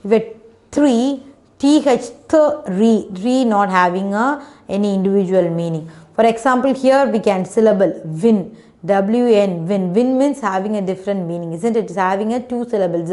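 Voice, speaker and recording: Brief: woman teacher, children's phonics lesson, patient, sounds out words slowly, non-native English phrasing. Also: medium pitch, a little mellow.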